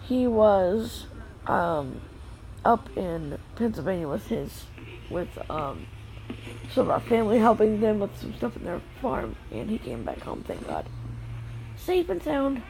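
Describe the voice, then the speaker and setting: A woman filming her children playing outside in the snow, narrating casually and calling out gentle, firm warnings to the kids. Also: medium pitch, big pitch swings, measured pace, creaky, a little hiss or hum, poor audio. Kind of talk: casual family vlog. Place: outdoors in the snow.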